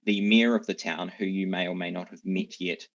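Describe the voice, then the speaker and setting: A man narrating as dungeon master in an online tabletop game, relaxed and rambling with many fillers. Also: low-pitched, normal speed. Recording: dull lo-fi mic.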